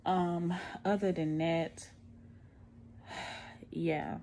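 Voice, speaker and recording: A middle-aged woman talks into her phone at home, her voice sitting a little low. She sounds out of breath and tired, chatting candidly in a casual vlog. Faint room noise stays in the background. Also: fairly even intonation, extremely slow, dark tone. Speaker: vlogger. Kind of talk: casual post-surgery recovery vlog.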